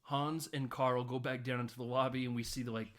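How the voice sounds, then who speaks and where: Male podcast co-host, mid-pitch, loose rambling recap, lots of uhs and likes. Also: flat delivery, brisk. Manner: rambling recap with many fillers. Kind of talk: casual film discussion.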